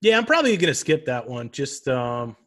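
A man's voice: medium pitch, very animated, brisk, fairly bright tone. A man co-hosting a podcast, telling stories in a laid-back, wry, casual way. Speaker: podcast co-host. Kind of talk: casual chat.

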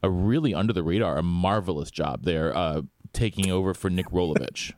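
Low-voiced man hosting a sports podcast. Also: brisk, no echo. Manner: relaxed, conversational, hosts and asks questions. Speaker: podcast co-host. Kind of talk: casual sports chat with ad read.

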